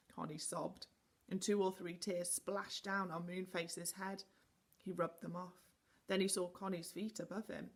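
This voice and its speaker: A woman teacher reading a children's storybook aloud with animated, expressive delivery. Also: medium pitch, normal speed, husky.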